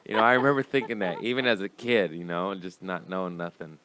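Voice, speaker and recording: A man's voice: low voice, fairly even intonation, fast talker, a bit bright, smooth. A young man, a comedian guest, telling a profane, rambling story in casual chat.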